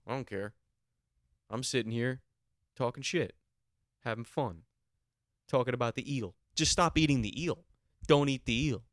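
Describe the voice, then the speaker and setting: A podcast host, on his own in a small room and holding a handheld mic, delivers a comic rant full of sudden, incredulous raised questions. His voice is mid-range and a bit bright. It's a clean studio recording with no echo.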